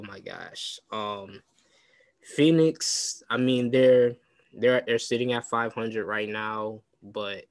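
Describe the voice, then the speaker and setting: A man talks through the sports week in a loose, rambling way, stumbling into restarts and fillers as he goes. His voice sits at an ordinary middle pitch. The recording is dry and close, with no room sound around it. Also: dry recording. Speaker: podcast host. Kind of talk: casual sports talk.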